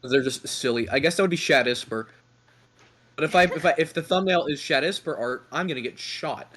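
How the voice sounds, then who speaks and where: A man's voice: fairly high pitch, brisk, a bit bright. A young man hosting a casual podcast, joking and rambling, a little self-deprecating, speaking into a remote call mic. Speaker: podcast host.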